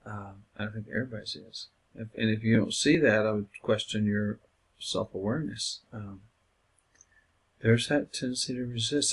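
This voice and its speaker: This counseling instructor's fairly low, husky voice holds a steady tone and moderate pace. He lectures his class casually and conversationally on a recording, dropping in lots of fillers.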